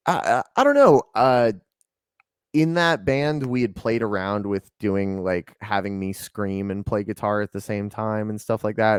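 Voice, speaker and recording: A man's voice: lowish voice, smooth, dry recording, clean studio sound. A man from Atlanta, a band's lead singer, chatting casually in an interview with a rambling, laid-back way of talking full of ums and likes. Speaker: lead singer and band guest.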